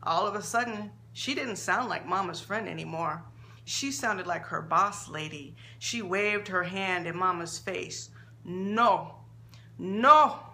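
A woman author reading her own short story aloud in an expressive, measured storytelling manner. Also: fairly low pitch.

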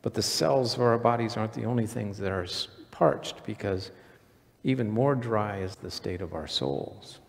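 In a reverberant church hall, a pastor preaches in a chatty style and keeps putting questions to his congregation. He speaks at a normal speed in a lowish, creaky voice.

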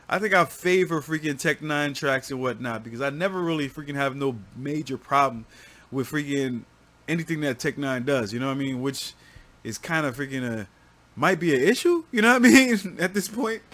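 A man's voice: fairly high pitch, a bit bright. Man, casual music reaction commentary, slangy and profane, rambling, lots of fillers and repeated words.

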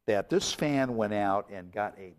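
A man's voice: fairly low pitch, unhurried. Guy hosting a chat show, jokey, laughs a lot, voice jumps all over the place. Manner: animated, jokey, laughs often. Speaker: host. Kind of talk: casual chat.

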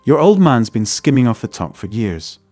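A man's voice: mid-range voice, big pitch swings, moderate pace, a little mellow, dry recording, faint music behind. A man reading the part of a menacing middle-aged loan shark who snarls his threats.

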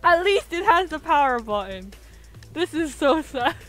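A woman's voice: high voice, big pitch swings, measured pace, fairly bright tone, soft background music. A woman streaming a building game, chatting in a self-mocking way and breaking into laughs and squeals. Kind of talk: casual game-stream commentary.

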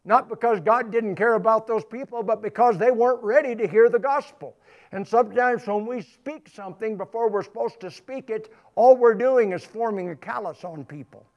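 Man preacher, high pitch, emphatic sermon delivery with repeated phrases. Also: normal speed, dull audio. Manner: emphatic, repetitive preaching with rising bursts. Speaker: pastor. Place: church sanctuary.

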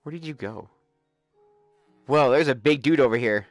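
A man hosting a live stream, chatting excitedly and laughing as he plays a game. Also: mid-range voice, normal speed, no echo, faint music behind. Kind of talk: casual gameplay commentary.

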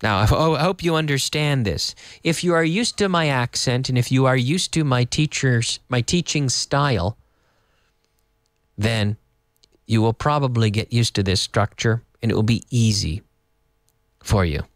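A man's voice: mid-range voice, no echo, clean studio sound. A man teaching to Spanish speakers, explaining patiently and repeating words. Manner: lively, explains slowly with repetition and Spanish glosses. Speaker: English teacher. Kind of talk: casual online English lesson for Spanish speakers. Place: in Madrid.

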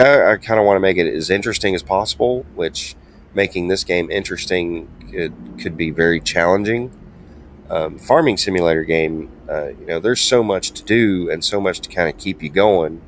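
A man with a deep, low voice chats loosely over gameplay, stumbling through ums and restarts. Faint engine and road noise from the truck game hums behind him. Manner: hesitant, many ums and restarts, chatty. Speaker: gaming channel host. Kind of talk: casual gameplay commentary.

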